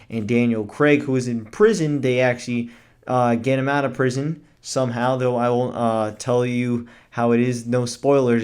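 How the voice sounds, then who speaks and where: A man's voice: mid-range voice, a little mellow, clear, resonant tone. A man talking through a casual movie review in a chatty, rambling way, with fillers and self-corrections.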